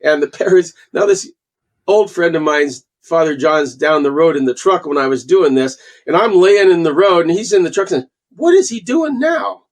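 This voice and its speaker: A man in his sixties from Canada, a guest falconer telling animated stories in a casual interview and acting out the quotes. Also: on the high side, normal speed. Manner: animated storyteller, acts out quotes.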